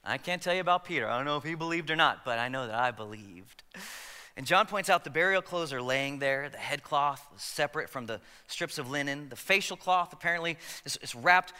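Brief: male pastor, high-pitched and sharply forceful, chatty sermon with jokes, in a long-reverb hall. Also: expressive, fairly quick, smooth. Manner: conversational, joking asides to the congregation.

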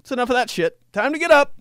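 A man shrieking as a loud nagging mom. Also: lively intonation, quick pace, clean tone, no echo, studio quality, exaggerated voice. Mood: bossy. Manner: shouting, high-pitched. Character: loud nagging mom waking her son.

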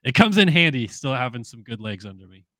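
Young man, podcast guest, bright forceful voice, close and dry, chatty with lots of "um"s. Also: mid-range voice, sing-song, quick pace, no echo. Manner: thoughtful, many fillers and restarts. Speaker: guest, moto journalist. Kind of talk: casual interview chat.

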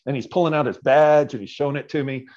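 A man casually telling a story as a podcast guest, animated and often tagging his lines with "right?". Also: medium pitch, fast, lo-fi sound.

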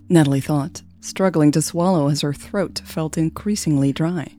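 A woman reading a serialized romance story aloud in a gentle, even storytelling manner. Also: low-pitched, normal speed, faint music behind. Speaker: podcast narrator. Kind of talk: scripted narration of a romance story.

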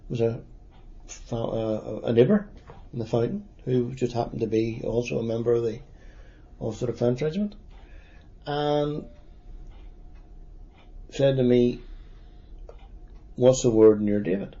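A man in his sixties with a Derry accent, recalling past events in a halting, plain-spoken way during an oral history interview. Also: mid-range voice, steady tone, warm tone. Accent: Northern Irish, Derry. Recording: dull lo-fi recording.

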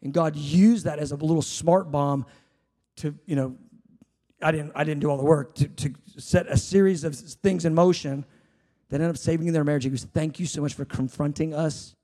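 A man preaching a sermon, swinging between fervent shouted appeals and hushed, conversational storytelling. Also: on the high side, fairly even intonation, normal speed. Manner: conversational, self-deprecating anecdotes.

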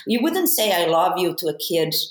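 Woman guest, low-set voice, measured and thoughtful, recorded with a roomy echo. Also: very animated. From Italy. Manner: measured, thinks aloud with fillers. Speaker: guest academic. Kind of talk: explanatory interview talk. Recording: echoey room.

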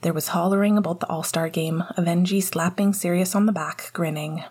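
A woman narrating a novel chapter in a low, breathy voice. Her delivery is soft and often slips into a near whisper. The reading feels close and quiet. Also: steady tone, a little fast. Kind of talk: audiobook reading of fiction.

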